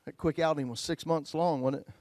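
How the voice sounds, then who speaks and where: A man preaching a sermon as a pastor, telling a personal story in a folksy, joking way and swinging between loud and hushed. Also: fairly high pitch, steady tone, a little fast, dry recording.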